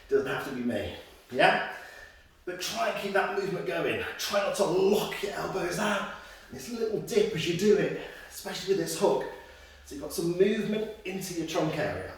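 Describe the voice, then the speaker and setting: Upbeat male workout instructor; brightish voice, off-mic, heavy room echo. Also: a little high, animated, brisk, recorded from a distance. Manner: upbeat, encouraging, counting down reps; self-deprecating jokes. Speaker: fitness instructor. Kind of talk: guided exercise class instruction.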